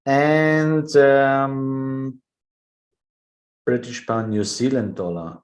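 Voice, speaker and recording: A man's voice: medium pitch, steady tone, drawn-out words, rough recording. A man hosting a live trading webinar, thinking aloud over charts with frequent "yeah" fillers. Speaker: trading show host.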